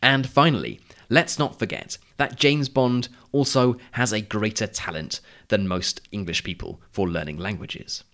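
Brief: male lesson host, slightly low voice, clear measured read. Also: animated, fairly bright tone. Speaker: podcast host. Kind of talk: scripted narrated lesson.

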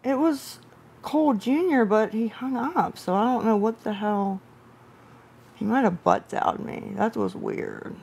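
A woman's voice: fairly high pitch, measured pace, a little mellow, breathy edge. A woman hosting a late-night live stream, answering viewer comments in a weary, apologetic way while tired and upset. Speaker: livestream host.

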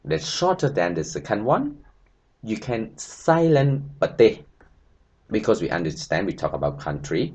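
A man with a Khmer accent teaching an online language lesson, patiently repeating words, his English halting with restarts. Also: low voice, a little mellow, highs cut off. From Cambodia.

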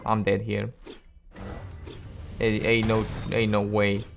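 A man's voice: on the low side, completely flat delivery, slow pace, vocal fry, over music. A man giving casual, reactive commentary while playing a video game, exclaiming and laughing at himself. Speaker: gameplay video host.

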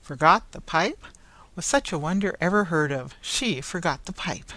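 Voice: medium pitch, animated, normal speed, bright, forceful tone, dry recording. A reader voicing a hearty, good-natured carrier husband who teases in a bluff manner. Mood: teasing. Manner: bluff, teasing.

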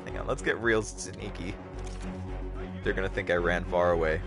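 A young man with a low voice hosts a livestream over music, speaking at normal speed. His gameplay commentary is casual, animated and full of jokes, he talks to his chat, and he yelps whenever something startles him.

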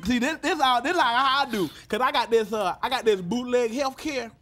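A man playing a very high-voiced braggart hustler. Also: normal speed. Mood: boastful. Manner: brags loudly in slang, calling everyone boy. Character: flashy boastful young street hustler, big talker. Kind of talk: live sketch comedy acting. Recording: live stage, loud audience laughter and noise.

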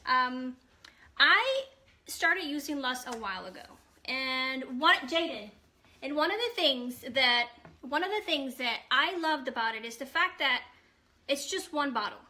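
Bright, chatty woman hosting a live stream; casual, with frequent ums. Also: high voice.

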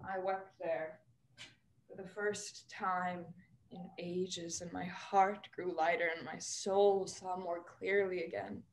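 Young woman acting a fragile young actress, restless and emotional, hushed near-whisper at times, video call mic. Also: fairly low pitch, flat delivery, slow. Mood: wistful. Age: young adult. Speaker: student actor. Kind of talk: stage drama performed over video call. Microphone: video call microphone.

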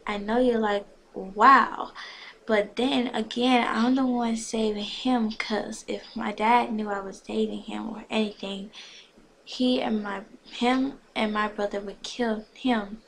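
A woman reading a fan fiction story aloud slowly and haltingly, breaking off for chatty asides. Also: fairly high pitch, level tone, creaky, rough recording. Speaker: reader.

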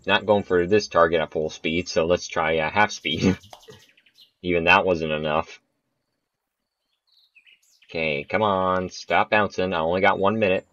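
Young guy with a really low voice chatting through a golf game, laughs at himself, kinda muffled dry recording. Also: steady tone, a little slow, pauses often, fairly bright tone, dry recording. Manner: chatty, self-mocking, laughs at his misses. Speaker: gaming channel host. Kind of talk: casual gameplay commentary.

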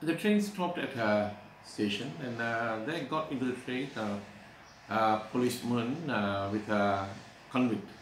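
A man preaching a sermon, pausing often with "uh" and slowing down to stress scripture verses. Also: medium pitch. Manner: halting, with frequent "uh" pauses. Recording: echoey room, faint background noise.

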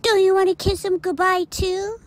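A narrator voicing an eager, excitable little boy in an audiobook reading. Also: very high-pitched, moderate pace, pitched above the performer's own voice. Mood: earnest. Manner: excited, childlike.

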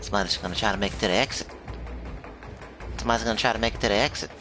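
A man hosting a gaming channel, giving excitable live commentary over gameplay, trash-talking the other players and laughing often. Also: on the low side, very fast, music in the background.

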